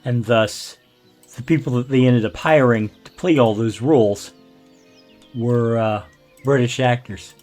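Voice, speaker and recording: Older male gaming host, unhurried, rambling trivia, faint music underneath. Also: mid-range voice, darkish tone. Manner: rambling, self-deprecating trivia talk. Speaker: let's play host. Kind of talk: casual gameplay commentary.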